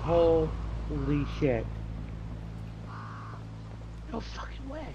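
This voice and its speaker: A man's voice: fairly high pitch, big pitch swings, very slow, lo-fi sound, background noise. A young man bantering as a co-op gaming partner, jittery, profane and teasing. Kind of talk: casual gameplay banter.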